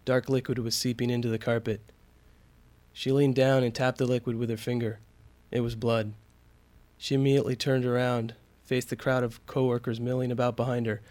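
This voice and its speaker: A man narrating a scripted story in a measured, suspenseful storytelling manner. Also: medium pitch, little pitch movement, a little mellow.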